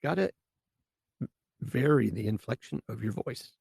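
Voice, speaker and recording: A man hosts a solo coaching podcast and speaks in a blunt, casual way. His voice is deeply gravelly and husky. The recording is dry and close. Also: animated, a little slow, darkish tone, dry recording. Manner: blunt, casual, mild swearing. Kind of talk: solo podcast advice talk.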